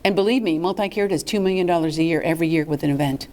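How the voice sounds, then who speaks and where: A woman presenting a fundraising workshop to a live audience in a lively, chatty way. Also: on the low side, very fast. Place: meeting room with a live audience.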